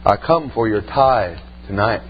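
Preacher guy putting on a creepy low smirking stranger, threatening, muffled recording. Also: animated, unhurried. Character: menacing stranger man claiming godlike power. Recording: muffled recording with faint hum.

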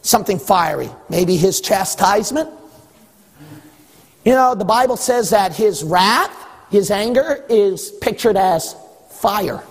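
A man's voice: high-pitched, lively intonation, takes it slowly, gravelly, in a large hall. A male pastor preaching a sermon, building emphasis and teasing his congregation along the way.

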